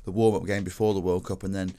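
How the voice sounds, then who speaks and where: A man's voice: sits low, flat delivery, fast, mellow, clear, resonant tone. A man co-hosting a podcast in casual chat. He leads the talk, teases his partner and acts out what others said. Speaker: podcast co-host.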